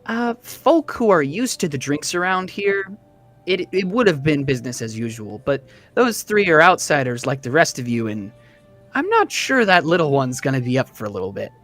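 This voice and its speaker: A man's voice: on the high side, big pitch swings, moderate pace, a bit bright, soft background music. A man narrating as dungeon master in a tabletop game, loose and chatty with fillers and laughter.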